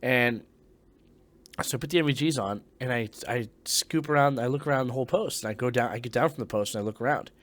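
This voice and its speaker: A young man, a former Marine, telling a ghost story in a casual, profane way, dropping to hushed tones and breaking into loud bursts. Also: medium pitch, quick pace.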